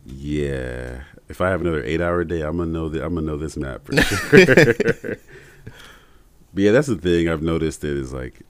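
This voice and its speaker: A man's voice: a bass voice, lively intonation, normal speed, dry recording. A man co-hosting a podcast in casual chat, rambling and laughing often as he tells stories. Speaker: podcast co-host.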